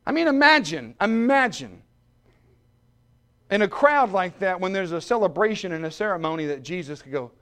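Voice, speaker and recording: High, lively preacher man. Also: normal speed. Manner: swings from quiet asides to shouted climaxes; humorous, self-mocking asides. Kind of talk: sermon.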